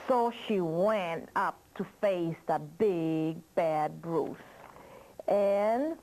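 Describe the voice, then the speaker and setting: Slow expressive woman telling a story. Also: fairly low pitch, low-quality recording. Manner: slow, expressive, with questions to listeners. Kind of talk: storytelling to children.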